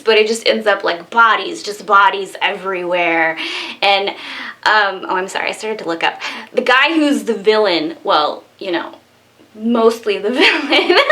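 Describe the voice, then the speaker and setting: A young woman casually reviewing a low-budget horror film, bubbly and giggly, full of fillers. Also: pushed and bright.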